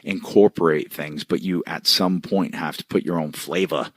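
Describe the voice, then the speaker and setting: Deep-voiced man in casual podcast chat. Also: steady tone, normal speed, fairly bright tone, no echo. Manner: rambling, loose, full of fillers. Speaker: podcast co-host. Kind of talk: casual wrestling talk.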